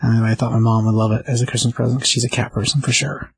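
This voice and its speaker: A man with a mid-range voice full of gravelly fry and a raspy edge, chatting casually. He speaks in an easygoing manner, stopping and restarting as he thinks. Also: mid-range voice, very fast, dry recording. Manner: relaxed, easygoing, hesitant restarts. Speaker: podcast co-host, comic reviewer. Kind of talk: casual chat.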